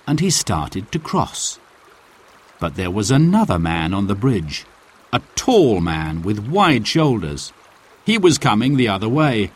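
A man reading a children's storybook aloud with slow, clear, expressive narration. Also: fairly low pitch.

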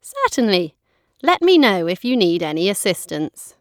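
Woman acting as polite female shop assistant, lively sing-song pitch, helpful, dry sound. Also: normal speed, dry recording, lightly acted. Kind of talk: scripted dialogue reading.

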